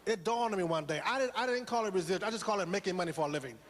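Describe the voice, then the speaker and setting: A man's voice: high voice, expressive, racing, big-room sound. A man giving a motivational speech to a live audience, preaching with rhetorical questions and repetition. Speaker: motivational speaker.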